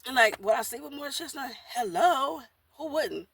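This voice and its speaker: A woman's voice: high-pitched, animated, moderate pace, gravelly, fairly bright tone, husky. A woman vlogging in a casual monologue, talking bluntly and rambling, repeating herself while she eats. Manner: talks while eating.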